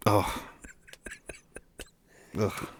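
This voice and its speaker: A man's voice: extremely slow, fairly bright tone, no echo, whispered, clean studio sound. A man co-hosting a podcast in casual chat, laid-back, chuckling often and swearing. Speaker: podcast co-host.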